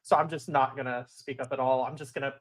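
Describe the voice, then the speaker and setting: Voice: medium pitch, steady tone, quick pace, a crowd in the background. Hesitant tabletop player asking questions. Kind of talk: in-character tabletop role-play.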